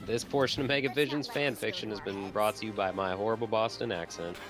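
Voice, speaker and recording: A man's voice: fairly low pitch, brisk. A man co-hosting a gaming stream, chatting casually and making wry jokes. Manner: wry, joking asides. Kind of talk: casual chat while gaming. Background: game music.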